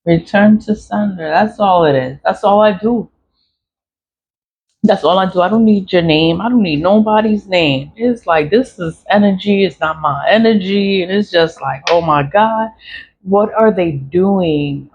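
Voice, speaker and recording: Man, casual self-recorded talk, repetitive and laughing, higher voice, dull low-fi sound. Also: measured pace, darkish tone. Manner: rambling, repeats himself, laughs often. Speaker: spiritual vlogger. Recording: dull lo-fi sound with faint noise.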